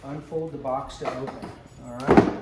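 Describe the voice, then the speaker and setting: A man's voice: mid-range voice, fairly even intonation, moderate pace. A man chatting casually with frequent ums and asides as he unboxes a coffee maker at home. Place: home room with a dog. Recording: echoey room, distant mic, noisy background.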